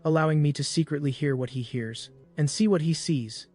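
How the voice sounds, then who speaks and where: A man's voice: on the high side, a little fast, darkish tone, faint music behind, natural voice. A man voicing a smug, mocking male rival officer.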